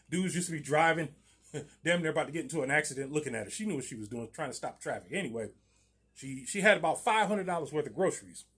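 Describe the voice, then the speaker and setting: A man's voice: fairly high pitch, lively intonation, quick pace, fairly bright tone, breathy edge. A man, a landlord, telling a story about a tenant in a loose, slangy way, often laughing. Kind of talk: casual storytime vlog.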